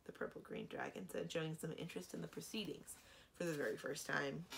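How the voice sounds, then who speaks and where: A woman librarian giving an expressive children's book read-aloud. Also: low voice, brisk, creaky. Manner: expressive, animated reading.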